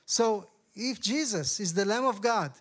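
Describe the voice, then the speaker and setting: Animated Israeli man telling his testimony. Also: sits high, a little slow. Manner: animated storyteller, acts out dialogue with raised voices. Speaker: guest speaker, ministry director. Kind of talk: sermon testimony with storytelling.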